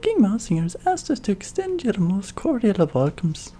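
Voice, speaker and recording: A woman's voice: medium pitch, sing-song, a little fast, mellow, a little hiss or hum, voice pushed up, close to an everyday voice. A woman voicing a fawning, flustered little mouse courtier in a video game. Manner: overly polite, flustered.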